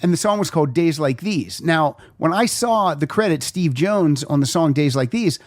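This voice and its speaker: A male podcast host spinning casual anecdotes and acting out each person in them. His voice sits a little high and leaps around with expression. The sound is dry and close to the mic. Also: expressive, normal speed, dry recording. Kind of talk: casual storytelling chat.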